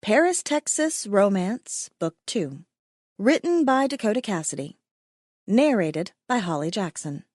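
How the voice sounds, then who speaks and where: A woman narrating an audiobook in a scripted, playful way. Her pitch is lively and moves around freely. The recording is dry and close, with no room sound. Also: a little slow, no echo. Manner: playful and expressive.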